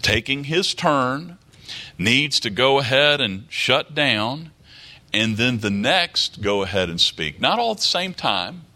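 Animated, bright-voiced male preacher. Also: medium pitch. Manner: emphatic, repeats phrases, quotes scripture. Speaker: pastor. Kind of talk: sermon.

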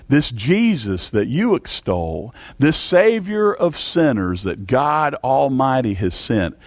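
A man preaching a sermon to a church congregation, fervent, with big swings in pitch and loudness. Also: no echo. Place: church service.

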